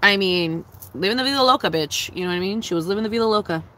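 A young woman livestreaming and answering her chat, swearing freely and laughing a lot. Her voice swoops up and down all the time and has a bright, tense edge. She stays loose and chatty throughout. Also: medium pitch, animated, very fast, low-quality recording. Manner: profane, giggly, blunt and chatty.

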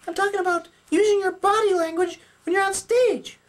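A man's voice: very high-pitched, fairly even intonation, brisk. A man voicing a bossy, know-it-all female puppet who lectures and scolds in a puppet skit.

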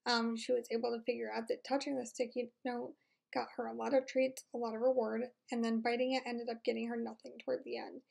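A woman's voice: fairly high pitch, little pitch movement, fairly quick, gravelly, a little mellow. A woman giving an instructional voice-over about training her dog, explaining steadily with frequent fillers.

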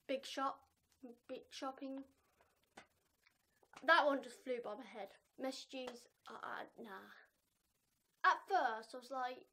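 A young woman talking casually in a reaction vlog, animated and self-mocking, laughing often. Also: sits high, measured pace. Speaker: vlogger.

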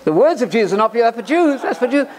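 A man putting on a mocking devil voice that taunts in a high, quick sing-song. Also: sing-song, darkish tone. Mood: taunting. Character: mocking devil, sneering and dismissive.

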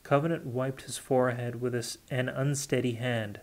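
A man reading a fantasy novel aloud unrehearsed, steady with occasional self-corrections. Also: medium pitch, normal speed, hardly any pauses. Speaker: audiobook reader. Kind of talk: unrehearsed audiobook narration.

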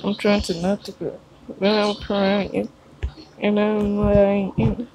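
A woman's voice: mid-range voice, monotone, slow pace, warm tone, slight background noise, low-quality recording. A young woman vlogging alone, rambling and giggly as she reads phrases aloud. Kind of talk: casual solo chat.

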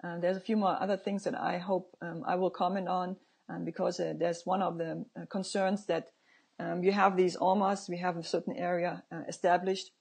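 Husky-voiced woman explaining with many pauses. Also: lowish voice, level tone, darkish tone. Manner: halting, frequent filler sounds, plainspoken opinions. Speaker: marine conservation advocate. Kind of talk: informal explanatory talk to viewers.

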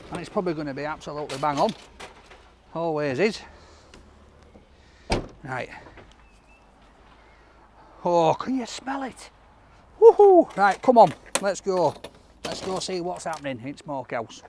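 A jokey man hosting a food vlog, his voice sitting a little high. He bursts into loud exclamations as he drives, then walks about outdoors. A faint hum of noise runs behind him. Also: expressive, unhurried, pauses often. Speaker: food vlogger host. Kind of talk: casual vlog chat. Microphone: camera held by a cameraman.

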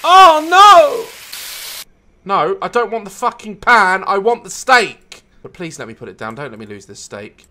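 A man commentating his own gameplay, frustrated, swearing, and breaking into high shouts. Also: expressive, normal speed, hardly any pauses, a little hiss or hum. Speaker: gameplay video maker.

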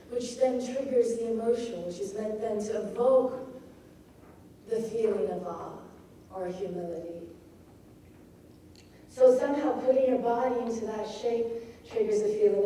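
A woman giving an informal talk on poetry, thoughtful and pausing to search for her words. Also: on the high side, warm tone. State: feeling cold. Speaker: poetry teacher. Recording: distant mic in a very echoey room with faint noise.

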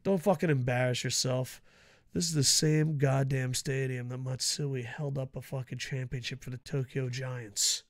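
A man giving a casual, profane wrestling preview rant, mocking and swinging between loud outbursts and low mutters. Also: fairly even intonation, normal speed. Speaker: wrestling vlogger.

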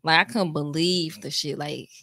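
A woman's voice: sits low, a little fast, a bit bright. A young woman in casual chat, recalling a painful night rawly and swearing casually. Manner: raw emotional recollection with casual swearing.

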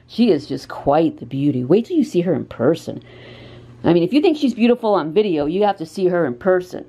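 A brisk, mellow woman's voice on the low side, swinging widely in pitch. She volunteers with a pet rescue and, in a dim room, casually shows a cat available for adoption, gushing and often sing-songing to it.

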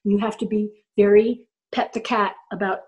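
A woman teaching an online violin class from home over a video call, animated and demonstrative, often checking in with her students. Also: medium pitch, moderate pace, dull audio. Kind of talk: online music class lecture.

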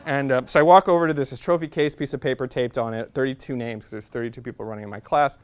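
A man in his thirties tells funny stories about himself to a university class, in a voice of middling pitch. He is chatty and self-mocking, and fills his sentences with "like.". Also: quick pace. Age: 30s. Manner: self-deprecating, chatty, full of "like" fillers. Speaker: guest speaker. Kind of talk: humorous personal storytelling talk.

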